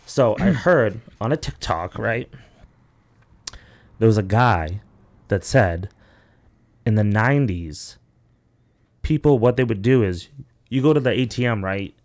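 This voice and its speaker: A man's voice: on the low side, lively intonation, unhurried, long pauses. A young man hosting a podcast, telling long, rambling, profane stories in casual chat, with lots of "like" and "you know". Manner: rambling, profane storytelling full of "like". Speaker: podcast host.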